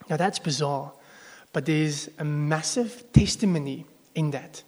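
Male pastor, a bit high-voiced, chatty sermon that quizzes the congregation, live in a reverberant church hall. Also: a little slow, darkish tone. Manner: conversational, asks the congregation questions. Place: church service before a congregation. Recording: long echo of a large hall.

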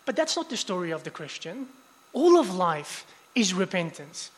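A male preacher giving a conversational sermon in a church hall, with frequent restarts and animated asides. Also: sits high, moderate pace. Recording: long hall reverb.

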